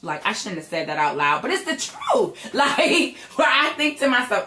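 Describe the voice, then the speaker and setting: A woman's voice: on the high side, very animated, moderate pace, few pauses, pushed and bright, roomy sound. A young woman giving a chatty motivational talk to her viewers, emphatic and repeating "right?" constantly. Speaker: entrepreneur vlogger.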